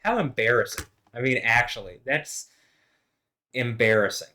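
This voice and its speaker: A man talking through a loose, rambling vlog, swearing as he goes. His voice is of middle pitch, and he drops into low mumbles before rising into louder, excited bursts. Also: moderate pace. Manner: rambling, profane, swings between mumbling and loud laughing. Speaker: vlogger. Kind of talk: rambling monologue.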